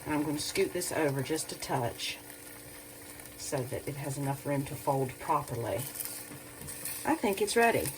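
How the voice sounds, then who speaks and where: A woman's voice: low-pitched, lively intonation, normal speed, pauses often, far from the mic, background noise. Chatty woman cooking in her kitchen. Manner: chatty, self-deprecating, talks to viewers directly. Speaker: cooking show host. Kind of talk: home cooking demonstration. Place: home kitchen.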